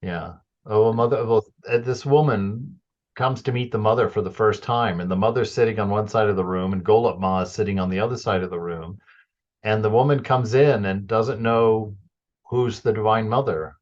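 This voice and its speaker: A man teaching and commenting on a spiritual text to a small group, conversational and animated, acting out quotes and laughing often. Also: on the low side, normal speed. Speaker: teacher reading and commenting on scripture. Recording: lo-fi dull recording.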